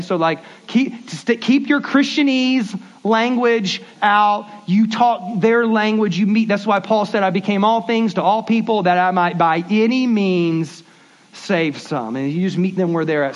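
A man preaching a casual, conversational sermon as pastor, repeating words and acting out quick bits of dialogue. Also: high voice. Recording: dull lo-fi sermon audio.

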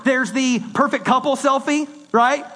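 A man preaching a sermon in a conversational, animated way, swinging between loud and hushed delivery. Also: very high voice, measured pace. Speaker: pastor.

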